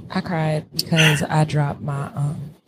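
A woman's voice: sits low, flat delivery, slow pace, very noisy. A woman in a casual group conversation, telling candid stories that poke fun at herself. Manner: candid, self-mocking storyteller.

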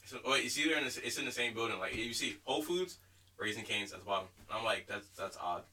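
A man's voice: medium pitch, fast talker, distant mic, low-quality recording. A man co-hosting a casual podcast chat, telling stories with lots of laughter and acting out what people said. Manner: animated storyteller, laughs often, acts out quotes. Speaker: podcast co-host.

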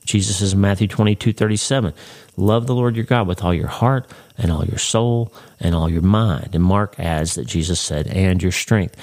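A man's voice: lowish voice, a little mellow. A man hosting a faith podcast, teaching Bible study in an earnest, conversational way and putting direct questions to the listener. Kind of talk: devotional teaching.

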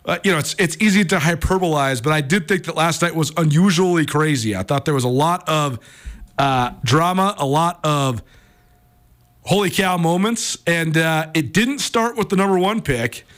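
Chatty high-voiced American radio host. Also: male voice, animated, normal speed, a bit bright. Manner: rambling, chatty, with frequent fillers and restarts. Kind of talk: casual sports talk.

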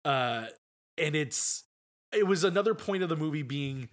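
A man co-hosting a film podcast, retelling scenes in a rambling, animated way with lots of restarts. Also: on the high side, normal speed. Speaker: podcast co-host. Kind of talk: casual film review chat.

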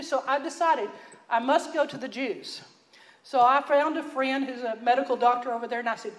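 A woman with a Texan accent, teaching a sermon in a folksy, earnest storytelling way that drops to a hush for emphasis. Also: on the high side, normal speed, roomy sound, rough recording. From Texas. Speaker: Bible teacher.

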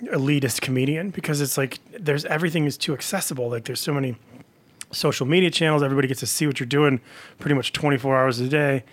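A man's voice: mid-range voice, fast talker. A man telling comedy-world stories in a casual podcast chat, rambling with many fillers. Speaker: comedian guest.

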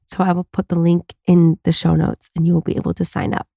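A woman's voice: lowish voice, monotone, fairly quick, vocal fry, dark tone, slightly rough, no room sound, clean studio sound. A woman hosting her own podcast, talking alone in an earnest, confessional, rambling way with many fillers, from home. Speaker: podcast host and coach. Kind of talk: casual solo podcast monologue.

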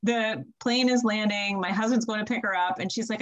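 A young woman, a student midwife, telling stories in a casual podcast interview, animated and quick to laugh. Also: mid-range voice, poor audio. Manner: animated, laughs often, acts out quotes with her voice.

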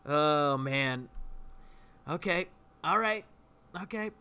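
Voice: mid-range voice, expressive, slow pace, bright, forceful tone, smooth. A performer in an improvised comedy scene, talking in a flustered, backpedaling way and over-explaining everything.

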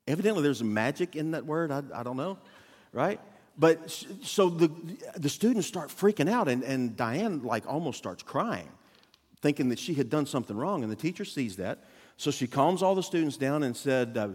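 A man preaching a sermon as a guest pastor, telling a story with acted-out quotes and sudden loud bursts. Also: mid-range voice, expressive, moderate pace, breathy edge, in a large hall. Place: church auditorium.

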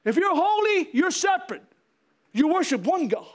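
A man's voice: extremely high pitch, sing-song, moderate pace. A man preaching a fiery sermon as pastor, repeating himself and calling out to the congregation.

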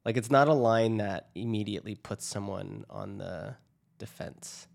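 Low, gravelly-voiced man musing. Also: moderate pace. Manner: reflective, trailing off softly. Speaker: podcast co-host. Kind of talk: casual chat.

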